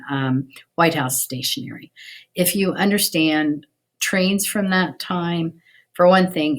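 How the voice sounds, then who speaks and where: A middle-aged woman giving a casual video history lesson, chatty, with many ums and restarts. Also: deep voice. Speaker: teacher.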